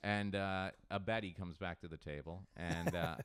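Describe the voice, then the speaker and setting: A man hosting a podcast in casual chat. He is an animated storyteller who swears freely and acts out what people said. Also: low-pitched, moderate pace, clean tone. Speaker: podcast host.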